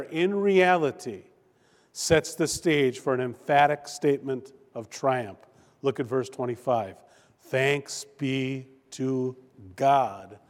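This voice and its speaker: A male pastor preaching a sermon in a church, slow and emphatic with deliberate pauses. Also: a little high, darkish tone. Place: church sanctuary. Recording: long hall reverb.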